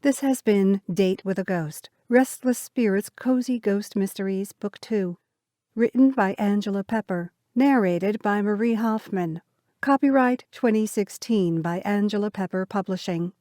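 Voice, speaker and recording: A woman reads an audiobook slowly, her voice mellow and soft-edged. Her storytelling is gentle and measured, close to the mic in a dry, dead studio sound. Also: mid-range voice, no echo. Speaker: audiobook narrator. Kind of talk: scripted narration.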